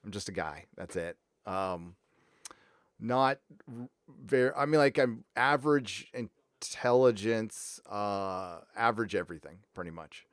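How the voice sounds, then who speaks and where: A man's voice: lowish voice, measured pace, no echo, studio quality. A man hosting a casual live stream, rambling between news and reading out viewer donations. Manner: rambling, reads donor messages aloud.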